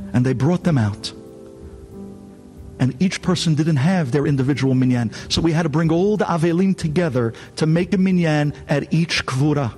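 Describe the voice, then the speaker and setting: A man, a rabbi, giving a sermon in an animated, dramatic storytelling way. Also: fairly high pitch.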